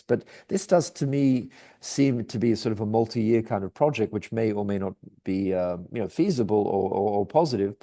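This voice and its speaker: A man's voice: on the low side, gravelly, mellow. A man giving a daily market commentary over charts, talking hesitantly with many fillers and restarts.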